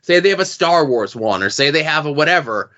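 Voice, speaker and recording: A man co-hosting a podcast in casual chat, telling stories in an animated, profane way. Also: on the high side, a little fast. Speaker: podcast co-host. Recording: dull lo-fi podcast audio.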